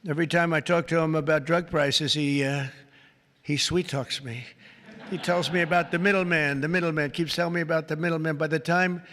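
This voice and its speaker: A man's voice: a little high, steady tone, a little fast, fairly bright tone. A man making off-the-cuff press conference remarks, introducing executives with rambling, jokey asides. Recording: long reverb of a large hall.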